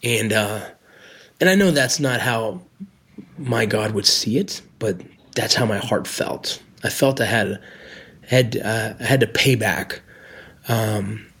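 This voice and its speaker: A middle-aged man, a former Border Patrol agent, telling his own story in an earnest, reflective way, with pauses and restarts. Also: lowish voice, fairly bright tone, husky. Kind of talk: personal storytelling.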